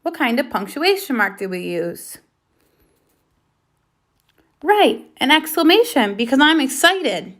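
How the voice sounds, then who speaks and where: Bright, lively woman teaching first grade. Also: sits high, a little slow, long pauses. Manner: patient, asks questions then confirms answers. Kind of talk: first grade video lesson.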